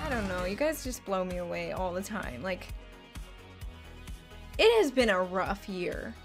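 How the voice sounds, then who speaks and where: A young woman streaming a game, excitable, laughing often and swearing freely as she chats with viewers. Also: medium pitch, a little slow. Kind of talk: live gameplay chat. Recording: clear music behind her.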